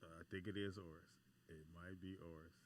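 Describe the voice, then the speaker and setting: A man about sixty hosting a casual talk radio show, giving loose shout-outs and taking calls. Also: deep voice, fairly even intonation, fairly quick, a little hiss or hum. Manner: loose, laid-back, full of shout-outs.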